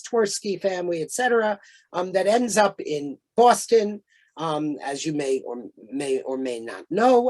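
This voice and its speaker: A man lecturing on a video call, telling anecdotes in a relaxed conversational way with frequent fillers and restarts. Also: a little high. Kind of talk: storytelling lecture.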